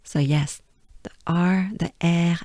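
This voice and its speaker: A woman's voice: lowish voice, steady tone, slow pace, mellow, no echo, studio quality. A woman from France with a French accent, teaching pronunciation patiently and drilling each syllable aloud. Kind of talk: slow pronunciation lesson.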